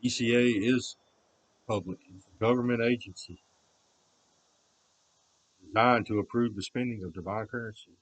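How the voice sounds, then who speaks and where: A man talking unscripted to himself and others, rambling, drifting from low muttering to repeated loud shouts. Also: fairly even intonation, moderate pace, pauses often, poor audio.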